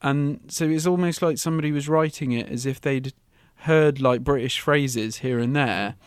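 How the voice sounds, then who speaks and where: A man's voice: medium pitch, normal speed, smooth, dry recording, clean studio sound. A young man co-hosting a podcast, chatting casually and steering the discussion with firm opinions. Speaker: podcast co-host. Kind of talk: casual chat.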